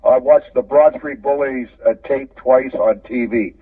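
An older Canadian man tells long, rambling stories, restarting his sentences and chuckling as he goes. His voice is husky and dry. It comes through a thin, phone-like line, set back from the mic. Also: medium pitch, measured pace, dry recording. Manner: rambling, repeats words, chuckles while telling stories. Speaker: guest, former hockey player. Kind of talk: casual storytelling interview. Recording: phone-line audio from a distance.

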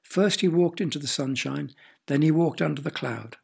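A man narrating a children's story in a gentle, playful way, sometimes asking the listener questions. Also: on the high side, normal speed, creaky, breathy edge.

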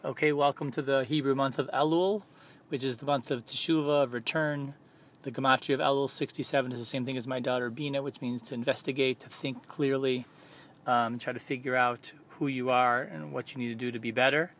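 Soft-spoken man teaching reflectively. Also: medium pitch, fairly even intonation, a little hiss or hum. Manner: soft-spoken, unhurried, thoughtful. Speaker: podcast host.

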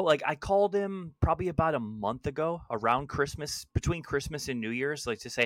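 A man's voice: a little high, lively intonation, a little fast, dry recording, studio quality. A young man co-hosting a casual podcast, telling easygoing stories with lots of fillers and laughs. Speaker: podcast co-host. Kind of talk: casual chat.

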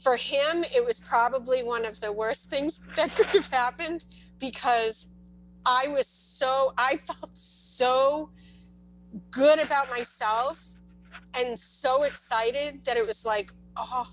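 A woman's voice: sits high, slow, low-quality recording. A woman telling a long personal story as a parent, in casual talk with many restarts and asides. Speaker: parent sharing her experience.

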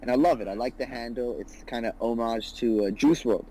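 A man's voice: medium pitch, brisk, warm tone, slight background noise, poor audio. A man in his twenties talking as a guest about his business, earnest and rambling, with lots of "you know" and "right". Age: 20s. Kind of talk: casual podcast conversation.

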